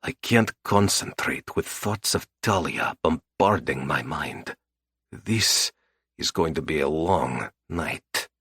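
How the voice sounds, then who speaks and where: A man reads a dark romance audiobook in the first person, brooding and blunt. His voice is low and husky with a lively, moving pitch, and the sound is dry and close to the mic. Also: slow pace, dry recording. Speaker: audiobook narrator.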